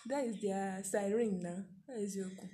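A young Nigerian woman with a Nigerian accent, co-hosting a casual chat with animated, laughing exclamations. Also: mid-range voice, normal speed, a little hiss or hum. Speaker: podcast co-host.

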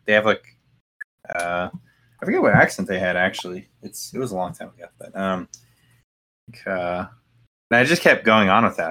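A man's voice: on the low side, sharp tone. A young man in casual chat, laughing as he retells a phone call and acts out the voices. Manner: laughing, quotes callers in put-on voices. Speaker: podcast co-host.

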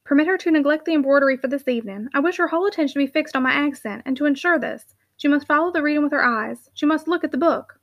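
A woman reading a suave, measured gentleman. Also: high voice, no echo, dull audio. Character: grown man, suave and calm.

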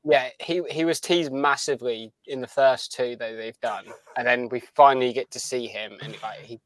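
A man's voice: mid-range voice, fairly even intonation, normal speed, dry recording. A young man chatting casually as a podcast co-host, rambling and enthusiastic with many restarts. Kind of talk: casual chat.

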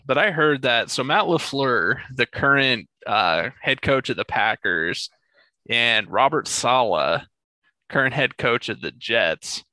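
A male podcast host chatting casually about sports. His voice is bright and forceful and swings widely in pitch, and the close mic makes it sound dry and up front. He tells stories with lots of animation. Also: no echo. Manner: animated storytelling, laughs often.

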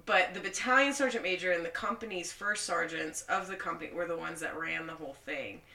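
A woman telling an animated, profanity-laden story in casual podcast chat, in an echoey room with the mic at a distance. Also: lowish voice, brisk.

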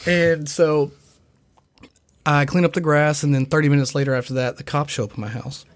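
A man's voice: on the high side, fairly even intonation, brisk. A young man in casual podcast chat, telling a long, profane, rambling story and acting out other people's lines. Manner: acts out other people's voices in quotes.

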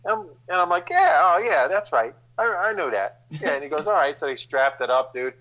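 A man tells a story on a podcast, loose and profane, acting out what everyone said. His voice sits a little high for a man. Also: fairly quick, bright, forceful tone, muffled recording. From New Jersey. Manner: profane, loose, acts out quoted lines. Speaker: guest actor. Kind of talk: casual storytelling.

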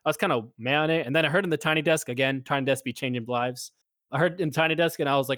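A man's voice: mid-range voice, quick pace, fairly bright tone, no echo, studio quality. A man co-hosting a casual podcast, talking loosely with lots of fillers. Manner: loose, filler-heavy, upbeat. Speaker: podcast co-host. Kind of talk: casual chat.

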